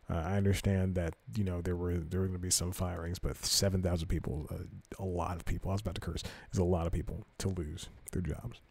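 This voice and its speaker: A man's voice: deep voice, mellow, no echo. A man hosting a podcast, reading entertainment news aloud and rambling through it with self-corrections and casual asides. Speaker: podcast host.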